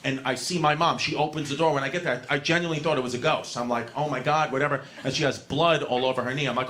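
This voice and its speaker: A man's voice: mid-range voice, fairly even intonation, fast, hardly any pauses, noisy background. A man, telling a rambling, profane stand-up story to a club audience. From New York City. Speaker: stand-up comedian.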